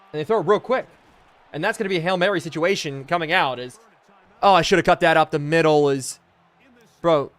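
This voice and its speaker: A young man streaming a football video game live, calling plays, shouting in excitement and thanking chat. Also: fairly high pitch. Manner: excitable, bursts into loud exclamations, thanks viewers rapidly. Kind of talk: live stream commentary while reading chat.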